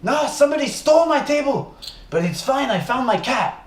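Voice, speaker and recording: A man putting on a thick French accent to voice his erratic, confused male neighbour, pitched higher than his own voice. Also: animated, normal speed. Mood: rambling. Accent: imitation French. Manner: rambling, confused, insistent. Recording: roomy echo, faint noise.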